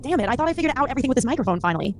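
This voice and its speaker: A woman hosting a podcast, speaking in a higher, girlish voice, playful and giggly with casual swearing. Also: very animated, rapid-fire, slight background noise. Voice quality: higher, girlish "baby voice" today. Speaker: podcast host. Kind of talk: casual chat.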